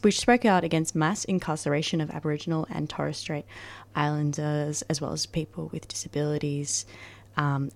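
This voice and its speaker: A woman's voice: low-pitched, vocal fry. A woman co-presenting a community radio show, recapping segments hesitantly with many ums and restarts.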